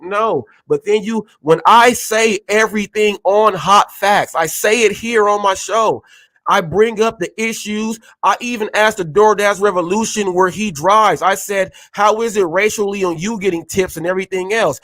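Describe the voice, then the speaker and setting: The host of a gig-economy show, a Californian-accented adult who is a parent, rants live with indignant, repetitive emphasis. His high-pitched voice sounds a bit bright in the dry recording.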